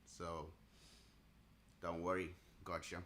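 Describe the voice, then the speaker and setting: A man with a low, deep voice hosting a live trading stream. He talks casually and answers his viewers' messages as they come in. A faint hiss of noise sits behind him. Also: level tone, takes it slowly, fairly bright tone. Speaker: livestream trading host.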